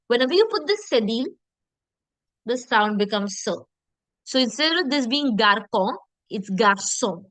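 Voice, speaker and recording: A woman teaching an online French lesson, explaining step by step and often checking in with her students. She slows down to model French words carefully. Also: a little high, fairly bright tone, dry recording, low-quality recording.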